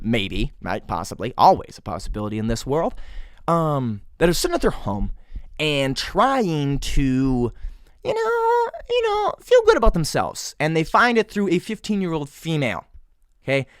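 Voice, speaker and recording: Sarcastic ranting man, lively swooping voice. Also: fairly high pitch, no room sound, clean studio sound. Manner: sarcastic, exasperated ranting with crude jokes. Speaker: podcast host. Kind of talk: solo podcast rant.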